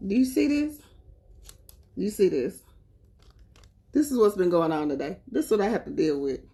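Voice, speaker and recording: A woman's voice: mid-range voice, animated, moderate pace, dark tone. A woman from North Carolina with a Southern accent, chatting casually and animatedly to her viewers, often laughing. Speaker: spiritual vlogger.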